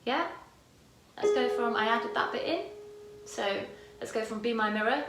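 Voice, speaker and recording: A woman's voice: fairly high pitch, moderate pace, echoey room. A woman choir director teaching parts by singing them, her voice tired today. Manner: demonstrates lines by singing, chatty and self-correcting. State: tired voice, using head voice.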